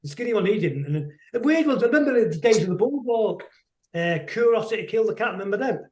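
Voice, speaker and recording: A middle-aged man, a musician telling rambling, anecdotal stories as a guest on a video call, quick to laugh. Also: high-pitched, lively intonation, a little mellow, reverberant. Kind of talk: casual storytelling interview.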